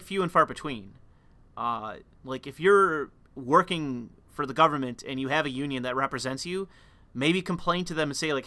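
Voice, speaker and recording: A man's voice: a little high, bright, forceful tone, no room sound. A man hosting a political commentary show, talking in a heated, profane, rambling way with many fillers. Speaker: commentary channel host.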